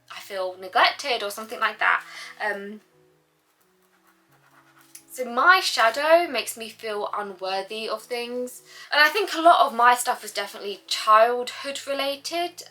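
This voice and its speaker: Young woman, casual vlog talk, chatty and expressive, sharp bright tone. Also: fairly high pitch. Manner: chatty, lots of "like", acts out her own reactions. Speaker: vlogger. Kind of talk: casual personal talk to camera.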